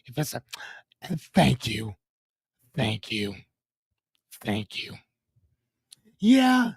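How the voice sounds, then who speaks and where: A man's voice: mid-range voice, wildly swooping pitch, extremely slow, creaky, breathy edge, no echo, clean studio sound. A young man hosting a casual livestream, reading out viewers' names and joking, cursing and breaking off with "hold on". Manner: loose and joking, reads out chat names and comments; swears casually, breaks off with 'hold on'. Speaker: livestream host.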